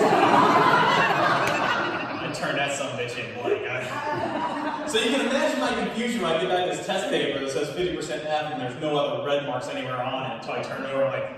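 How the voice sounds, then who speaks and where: A young man performing a stand-up comedy set in a small theater, telling animated stories to a laughing audience. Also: mid-range voice, heavy background noise. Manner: animated storytelling, punchlines with crowd laughter. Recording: echoey hall from far off.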